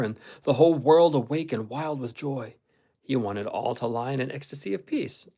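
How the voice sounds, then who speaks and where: Male audiobook reader, steady and measured, for a classic novel. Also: medium pitch, poor audio.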